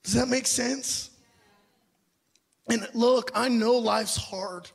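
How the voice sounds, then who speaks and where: A man's voice: very high voice, takes it slowly, gravelly, slightly rough. A young adult man preaching a sermon, telling a personal story earnestly and asking the audience questions. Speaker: pastor.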